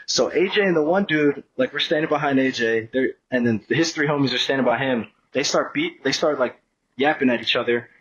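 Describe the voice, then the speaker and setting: A man's voice: medium pitch, a little fast, a bit bright, husky, highs cut off. A man guesting on a podcast, telling a long story in a rambling, profane, casual way and acting out what people said. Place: podcast studio.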